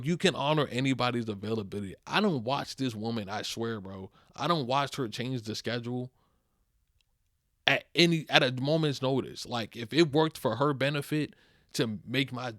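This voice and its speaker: A young man hosting a podcast, telling a story in a casual monologue, venting and animated, with heavy slang and swearing, sounding worn out. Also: medium pitch, no room sound, clean studio sound. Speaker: podcast host.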